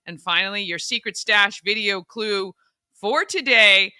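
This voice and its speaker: A man hosting a morning show, keeping things upbeat and promotional. His voice sits high for a man and sounds very bright and crisp. The sound is dry and close, with no room around it. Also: measured pace, no room sound. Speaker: host. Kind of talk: casual chat.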